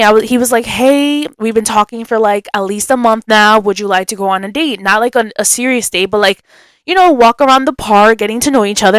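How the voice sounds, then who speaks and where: A young woman hosting a podcast, telling a story in a chatty, animated way and acting out what people said. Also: on the high side, smooth, dry recording. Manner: animated, chatty, acts out quotes. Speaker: podcast host. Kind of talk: casual storytelling.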